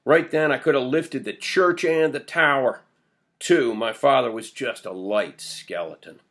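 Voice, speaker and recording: Guy voicing an old village man telling his story, earnest, mid pitch. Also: a little slow, a bit bright, lightly acted. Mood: excited. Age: older. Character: old male villager recalling his boyhood. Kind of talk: audiobook character voice.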